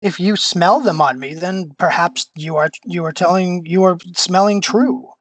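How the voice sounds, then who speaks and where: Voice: medium pitch, no room sound, rough recording. Hesitant player in character. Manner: measured, hesitant, evasive. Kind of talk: in-character tabletop role-play.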